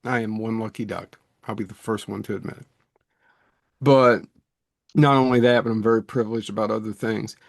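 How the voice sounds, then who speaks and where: A man's voice: on the low side, steady tone, brisk, vocal fry, no echo, clean studio sound. A middle-aged man co-hosting a podcast, talking in a rambling, self-deprecating way that often restarts mid-thought. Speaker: podcast co-host. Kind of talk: casual chat.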